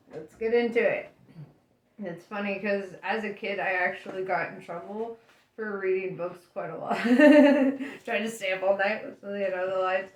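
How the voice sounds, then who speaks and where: A woman reading a story aloud at an unhurried pace, chatty and relaxed between passages. Her voice carries a roomy echo. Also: mid-range voice, a little hiss or hum. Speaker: audiobook reader. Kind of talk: casual audiobook reading.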